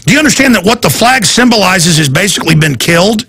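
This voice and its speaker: A man's voice: sits high, lively intonation, fast, creaky, sharp tone, slightly rough. A man hosting a talk radio show, delivering a heated, rambling and indignant monologue.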